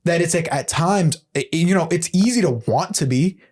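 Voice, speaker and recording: A man's voice: on the high side, normal speed, darkish tone. A young American man chatting casually on a podcast, swearing freely and telling stories with lots of "like" and "you know". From United States. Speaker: podcast co-host. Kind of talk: casual chat.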